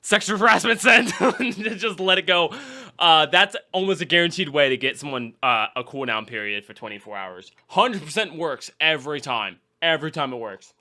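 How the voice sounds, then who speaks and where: Animated, high-voiced podcast host. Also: male voice, moderate pace. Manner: animated storytelling, acts out quotes. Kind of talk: casual chat.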